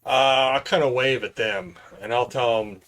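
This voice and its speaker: A man playing in a tabletop game, talking loosely and haltingly, sometimes shouting lines in character. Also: mid-range voice. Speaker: player. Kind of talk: casual tabletop play.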